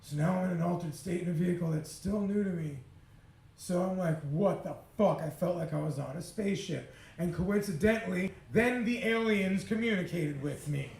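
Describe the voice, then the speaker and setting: A man with a fairly high voice tells a confessional personal story, full of profanity and quick laughs. His talk is emotional and unfiltered. The sound is roomy, with a clear echo around him. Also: a little mellow. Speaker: speaker sharing a personal story.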